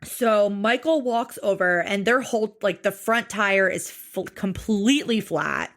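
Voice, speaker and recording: A woman co-hosting a podcast, chatting casually as she recaps a TV episode, animated and a bit sweary, often acting out what people said. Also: mid-range voice, measured pace. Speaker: podcast co-host.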